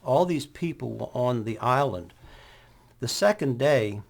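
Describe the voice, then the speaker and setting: Man, gravelly, measured, documentary interview, middle pitch. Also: expressive. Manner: measured retelling.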